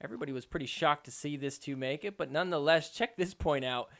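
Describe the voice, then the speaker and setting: A man's voice: fairly high pitch, quick pace, fairly bright tone. A man hosting a podcast, giving casual commentary over match clips in a playful way. He laughs often and mimics the players. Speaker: podcast host.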